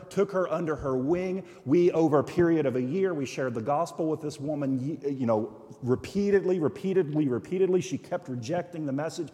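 Guest preacher, male, slightly high voice, dramatizes quotes in his stories, big echoing sanctuary sound. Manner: animated storytelling, acting out quoted voices. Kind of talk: sermon. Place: church sanctuary. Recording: long church reverb.

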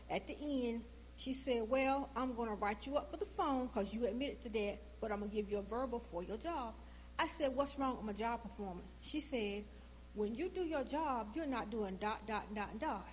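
A woman tells a personal story in a relaxed, chatty way. Her voice sits a little high and gets animated as she plays each side of the conversation. A faint hum runs underneath. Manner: animated, acts out both sides of the conversation.

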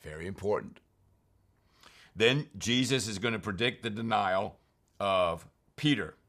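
A man's voice: fairly low pitch, measured pace, a bit bright. A man teaching from scripture, reading verses aloud and then explaining them in plain, conversational terms. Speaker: preacher.

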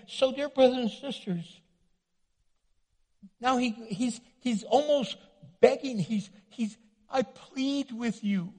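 A man preaching a sermon as pastor, loud and animated, joking and acting out little scenes. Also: very high-pitched, long reverb tail. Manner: loud, animated, playful with acted asides. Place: church sanctuary.

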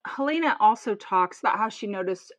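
A woman's voice: mid-range voice, animated, fairly quick, dry recording. A woman co-hosting a podcast, talking frankly and bluntly in casual chat. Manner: frank and outspoken, swears when indignant. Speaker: podcast co-host.

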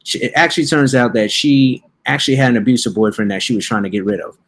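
A young man hosting a podcast, casually recapping a movie in a slangy, joking way and putting on quick voices for the characters. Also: mid-range voice, fairly bright tone. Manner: laid-back slangy storytelling with playful quoted voices. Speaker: podcast host. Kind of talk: casual comedic movie review.

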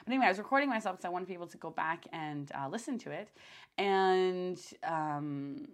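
A young woman hosting her own podcast, talking in a loose, rambling monologue full of fillers and restarts, and getting animated when she retells her own thoughts. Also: fairly low pitch, fairly quick. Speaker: podcast host.

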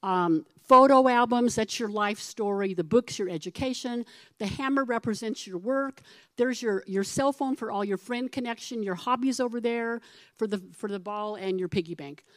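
A middle-aged woman pastor preaching a sermon in a conversational, animated way, asking her congregation questions and acting out the voices of people in her stories. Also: a little high, normal speed, dry recording.

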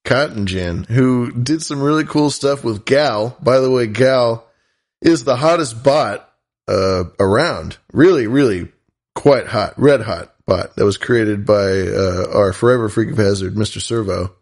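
A man's voice: medium pitch, measured pace. A man co-hosting a casual podcast, joking around and reading out thanks to listeners. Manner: joking, reads listener shout-outs. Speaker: podcast co-host.

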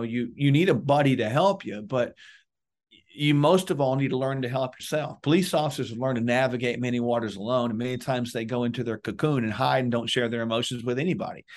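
Emphatic man coaching with lively bursts. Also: mid-range voice. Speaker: police wellness guest. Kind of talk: conversational advice interview.

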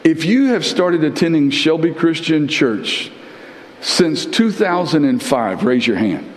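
A fairly high-voiced man preaching to his congregation, throwing his voice up and down and repeating words to press his point. His voice rings with the long reverb of a large church sanctuary. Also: measured pace. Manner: animated preaching with big pitch swings, repeats words for emphasis. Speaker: pastor. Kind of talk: sermon.

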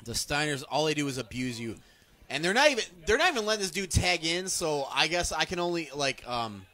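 Pitched on the high side and talking a little fast, a male podcast co-host does a casual wrestling watch-along of an old match. The chat is profane, and he delivers crude, animated rants throughout.

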